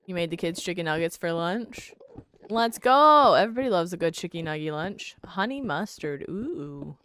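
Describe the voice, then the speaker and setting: Low-voiced woman bantering with chat. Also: lively intonation, fairly quick. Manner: reading chat aloud and bantering, swears freely. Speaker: streamer. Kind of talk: casual live-stream chat while gaming.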